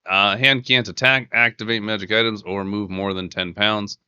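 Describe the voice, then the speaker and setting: Bright, crisp game master, dry sound. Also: male voice, fairly low pitch, fairly even intonation, no echo, lo-fi sound. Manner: measured, ruling on rules, playful. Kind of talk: running a tabletop game.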